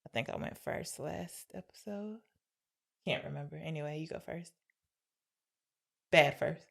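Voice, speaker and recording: This podcast co-host has a low, gravelly voice and speaks at a measured pace. She chats casually about an old film, explaining the segments and arguing playfully.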